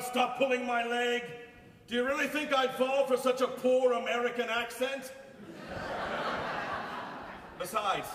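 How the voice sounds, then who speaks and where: An actor playing a bumbling, jolly police chief who runs a jail, on a live stage. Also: male voice, pushed and bright, heavily acted. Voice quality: bombastic, booming exclamations. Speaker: opera singer-actor in a staged comedy. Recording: roomy hall heard from far off with faint noise.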